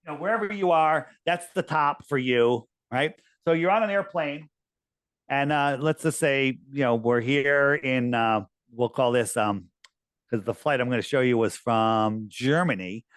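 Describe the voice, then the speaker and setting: Man, mid pitch, insistent and animated, dry close sound. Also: measured pace, no room sound. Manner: animated, insistent, uses mocking put-on quotes. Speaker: guest. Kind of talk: casual conversation.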